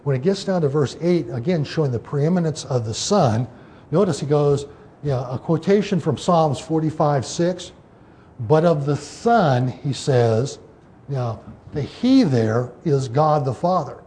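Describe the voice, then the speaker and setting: A man's voice: fairly high pitch, expressive, moderate pace, mellow, a little hiss or hum. A man teaching an informal Bible study, explaining scripture in a loose way with many fillers and restarts.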